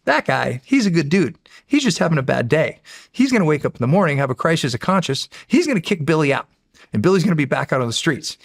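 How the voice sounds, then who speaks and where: A man's voice: a little high, sing-song, fast, vocal fry, pitched above the performer's own voice, heavily acted. A man voicing a cute little male demon who cracks jokes and teases, in a told story. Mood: amused. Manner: wisecracking, teasing.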